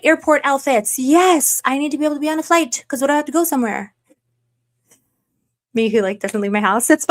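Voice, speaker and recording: A young adult woman hosting a livestream in casual, chatty talk, animated as she answers viewer comments. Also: fairly high pitch. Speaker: livestream host. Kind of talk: casual chat.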